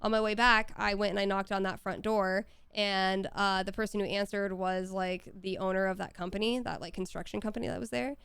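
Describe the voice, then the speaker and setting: Woman on a stream at home, gravelly but super clean voice, dry close sound, tells stories w/ swearing. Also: medium pitch, brisk, few pauses, no echo. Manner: animated storyteller, casual swearing. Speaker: voice actor signing on stream. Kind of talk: casual stream chat.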